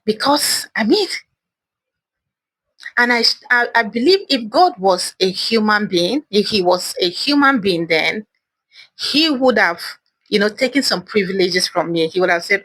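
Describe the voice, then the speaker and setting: A woman's voice: mid-range voice, a little slow, fairly bright tone, no room sound. A woman host telling her own story of losing a loved one in an earnest, emotional monologue, often repeating words as she speaks. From Africa. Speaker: channel host sharing personal story. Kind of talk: personal testimony monologue.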